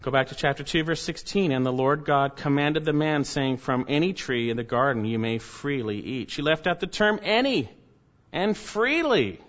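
A man's voice: a little high, expressive, moderate pace, a bit bright. A male pastor preaching an expository sermon, stressing key words with sudden rises. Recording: dull lo-fi recording.

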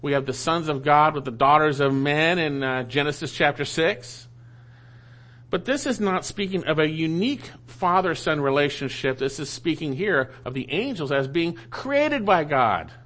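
A man's voice: on the high side, animated, normal speed, a bit bright. A man preaching a sermon that teaches through a Bible passage, emphatic and repeating key phrases for stress.

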